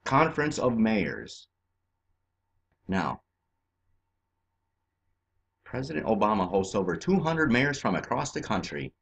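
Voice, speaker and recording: A man from California ranting in a profane, agitated way over on-screen maps, swinging between shouting and muttering. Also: lowish voice, very animated, slow pace, creaky, long pauses, breathy edge. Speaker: vlogger.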